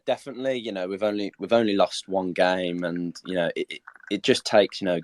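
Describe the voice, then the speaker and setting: A man's voice: low-pitched, darkish tone, dry recording. A young man, a footballer guest, answering interview questions hesitantly with many fillers.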